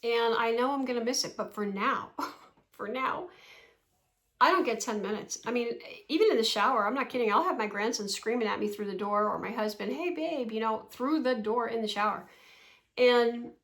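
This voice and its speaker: A woman's voice: on the high side, fairly bright tone. A woman in her sixties talking casually to camera at home, chatty and rambling, laughing often. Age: 60s. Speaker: vlogger.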